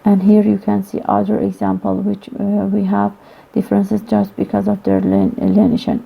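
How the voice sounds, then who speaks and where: Woman lecturing haltingly over a tinny line. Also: medium pitch, creaky, slightly rough. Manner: halting, many "uh" pauses, non-native grammar. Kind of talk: recorded phonology lecture. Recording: tinny phone-like lo-fi recording.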